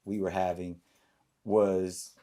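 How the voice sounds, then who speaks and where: Talk host, man in his forties, loose and excitable, trails off into fillers. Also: sits low. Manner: animated, laughing bursts, halting with fillers. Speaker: podcast host. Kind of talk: casual interview chat.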